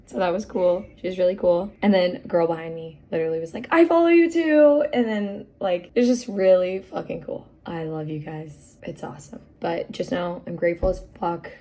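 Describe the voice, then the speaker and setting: A young woman in her twenties chatting casually while doing her makeup at home, rambling with lots of fillers and dropping into soft whispered asides. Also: lowish voice, fairly even intonation, moderate pace, few pauses. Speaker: beauty vlogger. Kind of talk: casual get-ready-with-me chat.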